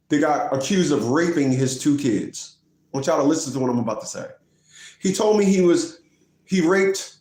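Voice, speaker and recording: A man telling a courtroom story as a family court advocate, acting out the other people in the story with high, exaggerated voices and mocking the listener. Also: a little mellow. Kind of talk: animated storytelling rant. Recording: echoey room.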